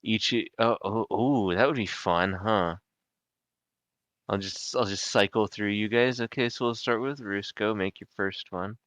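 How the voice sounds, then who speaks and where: A man's voice: lowish voice, measured pace, a bit bright, no room sound. A young man running a tabletop game as game master, narrating in a laid-back way with joking asides.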